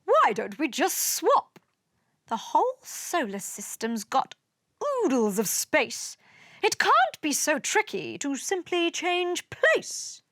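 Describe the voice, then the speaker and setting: Planet Earth as a fussy, bossy storybook character, voiced by a woman reading aloud. The voice is high and jumpy and the pace unhurried. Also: huge pitch swings, fairly bright tone, dry recording, clean studio sound, heavily acted. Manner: complaining, then commanding.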